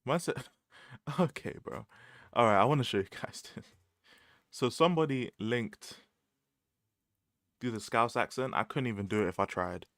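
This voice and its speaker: In a studio-quality, dry recording, a young man with a London accent chats about football on his livestream. His mid-range voice is a little bright and moves at normal speed with long pauses, and his talk is packed with slang, repeated phrases and frequent laughter.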